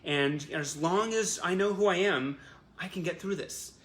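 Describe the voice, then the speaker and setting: An effusive man chats warmly to viewers on a livestream, his voice bright and a little higher than most men's. He circles back on his words, stumbling through fillers as feelings rise. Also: measured pace. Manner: emotional, effusive, many fillers and restarts. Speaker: host of a fan livestream. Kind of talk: casual heartfelt chat to viewers.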